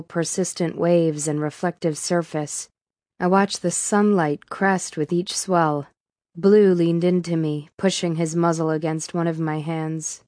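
A woman narrating a first-person audiobook in a measured, steady way. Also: low-pitched, no echo, studio quality.

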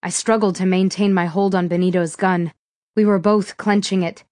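A woman reading a first-person thriller audiobook in a steady, measured way. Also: medium pitch, no echo, clean studio sound. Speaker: audiobook narrator.

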